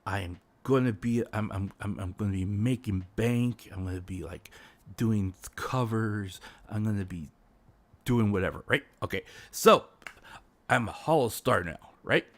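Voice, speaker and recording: A man's voice: on the low side, measured pace. A man streaming live commentary, stammering and repeating words as he talks. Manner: drops to a whisper for acted bits.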